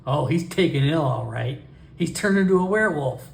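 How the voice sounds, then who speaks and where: A solo role-player voicing a suspicious, sharp-tongued townswoman in a sarcastic drawl, recorded in an echoey room. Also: medium pitch, lively intonation, normal speed, gravelly.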